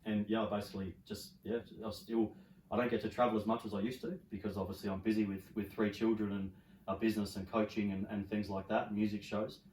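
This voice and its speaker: A middle-aged Australian man tells stories on a podcast at a quick clip, in a fairly low voice. He is animated and swears freely as he chats. The sound is roomy and a little distant from the mic. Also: a little hiss or hum. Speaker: podcast guest. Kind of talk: casual storytelling chat.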